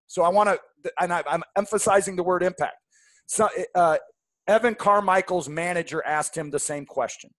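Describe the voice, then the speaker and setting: A man's voice: high-pitched, moderate pace, fairly bright tone, no echo. A man co-hosting a casual podcast, talking enthusiastically and rambling with many restarts. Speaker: podcast co-host.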